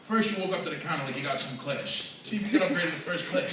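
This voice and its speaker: Brash New comic, echoey room. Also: male voice, fairly high pitch, quick pace. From New York. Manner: brash, profane, self-mocking. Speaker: stand-up comedian. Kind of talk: stand-up comedy set. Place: comedy club open mic, large room. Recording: echoey room from far off with noise.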